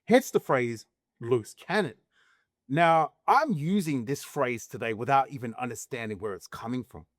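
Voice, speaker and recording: A man's voice: medium pitch, expressive, moderate pace, dry recording, studio quality. A man talking straight to camera in a casual opinion monologue, emphatic, asking rhetorical questions and restarting his sentences. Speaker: vlogger.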